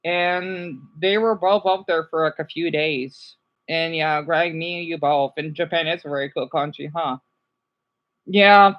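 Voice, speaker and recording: A man chatting casually on a live stream, reacting to viewer comments in a rambling, animated way. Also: on the high side, a little slow, dull audio. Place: home room, keeping voice down.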